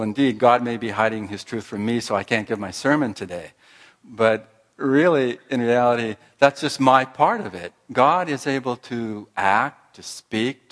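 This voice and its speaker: A man giving a sermon in a slow, reflective manner, with frequent pauses and restarts. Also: mid-range voice, fairly bright tone.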